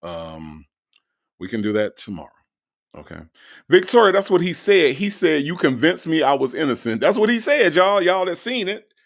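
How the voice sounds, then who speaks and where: Gravelly-voiced man, livestream host, animated and slangy, lively swings in pitch. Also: moderate pace. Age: 40s. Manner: animated, loud bursts, laughing, slangy. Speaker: livestream host reading chat. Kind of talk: casual livestream commentary.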